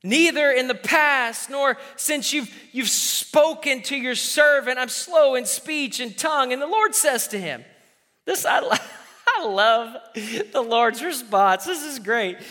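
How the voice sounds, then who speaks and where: Man, high voice, exhorting sermon, reverberant hall. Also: expressive, a little slow, sharp tone. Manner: exhorting, call-and-response, acts out quoted voices. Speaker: pastor.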